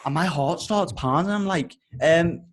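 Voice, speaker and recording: A young man hosting a podcast and telling a rambling story in an animated, casual way, swearing often. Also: a little high, measured pace. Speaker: podcast host.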